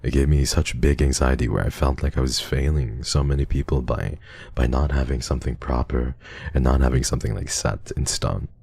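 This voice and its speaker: Very deep, gravelly-voiced man. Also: steady tone, a little mellow. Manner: halting, stammering, heartfelt. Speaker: streamer. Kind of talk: casual chat reading donations.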